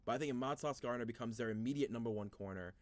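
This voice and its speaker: A man's voice: mid-range voice, racing. A man hosting a casual sports video, thinking aloud through a mock draft, rambling and easily frustrated, with many restarts.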